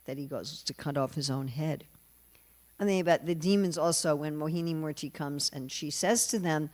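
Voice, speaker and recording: A woman's voice: sits low, moderate pace, darkish tone. An older woman gives a scripture class in a temple hall. She tells stories with humor and briefly acts out the voices of the people in them as she preaches. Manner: storytelling, acting out quoted voices with humor. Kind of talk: sermon.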